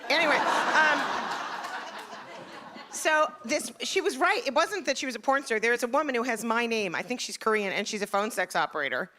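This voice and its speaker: A middle-aged woman doing a live stand-up set, chatty and confessional, full of fillers and quick shifts of voice. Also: a little high, lively intonation, a little hiss or hum. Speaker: stand-up comedian. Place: comedy club stage. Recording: live stage mic with loud crowd. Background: audience laughter.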